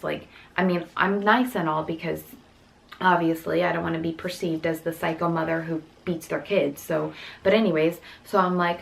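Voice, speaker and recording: Low-ish, gravelly, and a little bright, this young mother of four's voice stays fairly even in intonation as she tells an upsetting story to camera. Her delivery is rapid and rambling, with many restarts and quoted dialogue, and the audio is poor.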